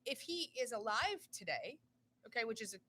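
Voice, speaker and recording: A woman's voice: on the high side, big pitch swings, moderate pace, bright, forceful tone, a little hiss or hum. A woman co-hosting a casual podcast chat, blunt and joking, swearing freely.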